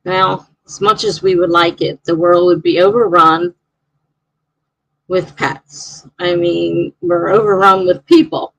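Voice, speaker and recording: Gravelly-voiced woman chatting on a live stream. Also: fairly low pitch, steady tone, slow, fairly bright tone, dry recording, poor audio. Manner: chatty, rambling, reads viewer comments aloud. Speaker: live-stream host reading chat. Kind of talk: casual live-stream chat.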